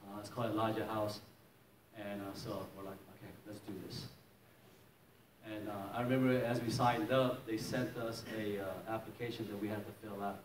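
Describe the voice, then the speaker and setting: A middle-aged pastor with a lowish, steady voice tells a personal story during a sermon, speaking fairly quickly, chuckling often and acting out the voices of the people involved. He's recorded from a distance in an echoey church hall, with noise in the background.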